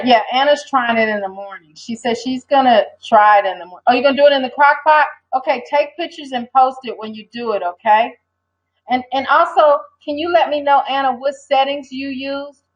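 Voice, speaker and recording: An older woman hosting a casual livestream, talking in a rambling, hesitant way and answering viewers. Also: sits high. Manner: rambling, hesitant, reads viewer comments aloud. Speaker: livestream host. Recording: dull lo-fi stream audio.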